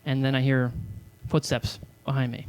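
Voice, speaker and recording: A man's voice: mid-range voice, flat delivery, normal speed, darkish tone, clear, resonant tone. A man in his thirties doing stand-up comedy, telling self-deprecating stories in a rambling way full of fillers. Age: 30s.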